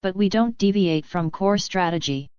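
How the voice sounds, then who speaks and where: A woman's voice: medium pitch, moderate pace, a little mellow, clean tone, no room sound, lo-fi sound, close to an everyday voice. A woman reading the lines of a stern, bossy young male team leader, clipped and commanding.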